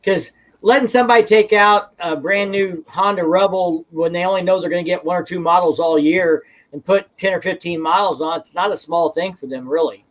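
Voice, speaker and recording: A man's voice: sits high, brisk, low-quality recording. A man from the Ozarks, a motorcycle vlogger, chatting casually in a folksy, rambling way. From Ozarks, United States. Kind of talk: casual chat.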